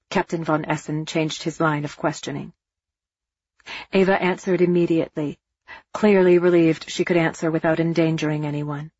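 Low, husky woman narrating a novel. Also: fairly even intonation, moderate pace, darkish tone, no room sound, highs cut off. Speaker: audiobook narrator. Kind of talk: scripted narration.

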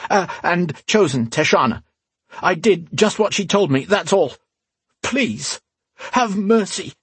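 Frantic, high-pitched cowardly leader, voiced by a male narrator, stammering and pleading. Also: expressive, slow pace, husky, no room sound, full character voice. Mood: begging. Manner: shrill, stammering, begging. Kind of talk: audiobook character voice.

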